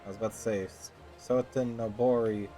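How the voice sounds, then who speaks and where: A man's voice: on the low side, fairly even intonation, fairly quick, mellow. A man giving casual, rambling let's-play commentary, joking and swearing as he plays. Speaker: gamer. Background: game music.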